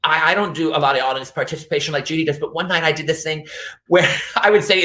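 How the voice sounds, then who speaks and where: High, bright-voiced male performer telling anecdotes. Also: quick pace. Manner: theatrical, acts out the people in his stories. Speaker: comedy performer guest. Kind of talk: casual chat, telling stage anecdotes.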